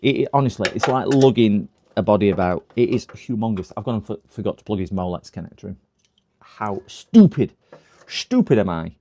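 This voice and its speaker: A man's voice: on the low side, expressive, a little fast, a little mellow. A man chatting on a live repair stream, muttering to himself as he works and poking fun at his own mistakes. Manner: chatty, muttering while working, self-mocking.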